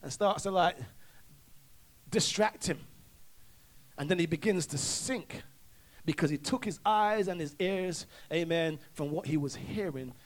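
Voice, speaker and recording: A man's voice: a little high, measured pace, long pauses. A male preacher delivering a sermon, calling for responses and often restarting his sentences. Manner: call-and-response, stammering restarts.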